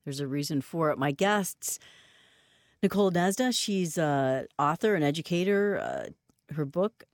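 A woman hosting a public radio talk show, talking in a measured, conversational way with her guests. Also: sits low, very animated, no echo, clean studio sound.

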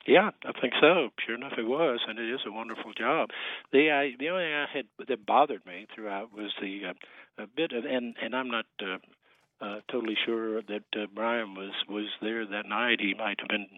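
A man's voice: on the low side, normal speed, no echo. An older man, a historian, speaking as a guest on a radio interview, hesitant with many fillers and restarts. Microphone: phone. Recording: tinny phone line.

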